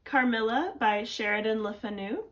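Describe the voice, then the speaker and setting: A woman's voice: a little high, normal speed, a bit bright. A woman appearing as a guest presenter, dry and self-deprecating as she reads the nominees. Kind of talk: casual chat.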